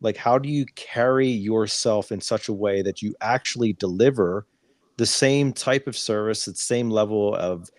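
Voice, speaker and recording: A man hosting a podcast, talking through ideas in a measured way as he sets up a question. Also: on the low side, dry recording. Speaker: podcast host. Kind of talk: podcast interviewing.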